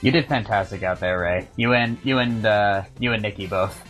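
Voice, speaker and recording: A man's voice: lowish voice, moderate pace, fairly bright tone, soft background music. A man hosting a casual podcast chat, telling stories with many restarts and filler words. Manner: rambling storyteller with many restarts. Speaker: podcast host.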